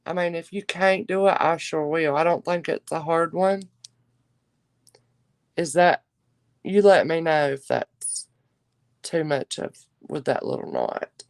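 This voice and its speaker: A woman's voice: low-pitched, unhurried, long pauses, dry recording. A woman hosting a live-stream jewelry auction, chatting with viewers and calling them darling. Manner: chatty, warm endearments to viewers.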